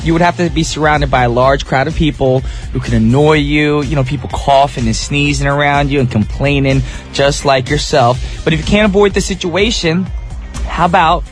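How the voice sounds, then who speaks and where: Male radio host, chatty, slangy, upbeat, higher voice, studio mic, faint music underneath. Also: moderate pace. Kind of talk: morning radio show hosting. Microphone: studio microphone.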